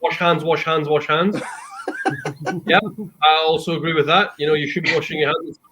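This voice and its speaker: A man hosting a casual panel chat, prompting guests with quick upbeat affirmations. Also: a little high, level tone, dull audio, background noise. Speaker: host.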